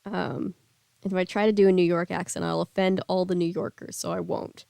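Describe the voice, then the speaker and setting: A woman's voice: fairly low pitch, little pitch movement, brisk, gravelly, warm tone, clean tone, dry recording. A woman hosting a casual read-aloud, breaking off into rambling, chatty asides full of fillers. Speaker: book reading host.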